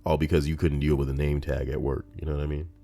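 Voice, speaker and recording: A man reading out Reddit posts on a livestream, rambling and profane in a casual, animated way. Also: very deep voice, quick pace, creaky, soft background music.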